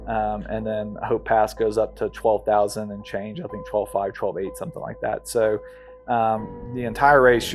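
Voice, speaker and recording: Man recounting a race, halting. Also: lowish voice, darkish tone. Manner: halting and conversational with many fillers. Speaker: ultramarathon runner telling his race story. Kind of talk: documentary interview.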